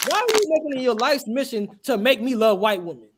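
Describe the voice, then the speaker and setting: Animated man preaching with rhetorical questions. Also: extremely high pitch, fairly quick, hardly any pauses, noisy background. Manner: emphatic, questioning, with rhetorical call-and-response. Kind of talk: street sermon.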